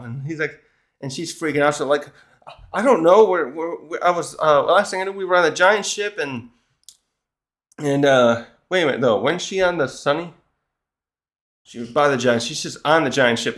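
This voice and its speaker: A man of middle pitch talks casually on his own about a comic chapter. He rambles and cuts himself off mid-sentence, then slips into quick acted bits of the characters' lines. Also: fairly bright tone. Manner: rambling, self-interrupting, acts out characters' lines. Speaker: manga review host. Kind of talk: casual solo chapter review.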